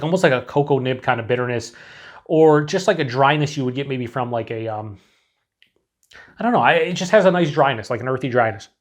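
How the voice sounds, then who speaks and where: Chatty, swearing man reviewing beer. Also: medium pitch. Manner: chatty, rambling, swears freely. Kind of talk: casual tasting review to camera.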